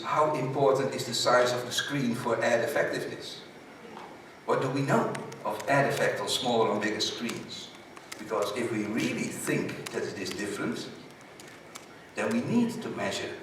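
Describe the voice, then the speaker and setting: A man whose first language is Dutch presents at a conference in English, driving home short, slogan-like points. He sits at an ordinary pitch and is heard from a distance in a very echoey hall, with faint room ambience. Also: a bit bright, slight background noise. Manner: emphatic, slogan-like summing up. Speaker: conference speaker. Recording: echoey hall, speaker far from mic.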